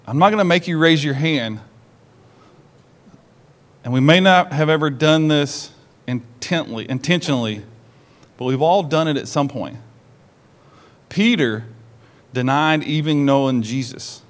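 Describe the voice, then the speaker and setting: A male pastor with a slightly high voice, preaching a sermon to his congregation. He tells the story with energy, acting out the lines he quotes and putting direct questions to the people in the pews. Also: measured pace, pauses often. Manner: animated storyteller who acts out quoted lines.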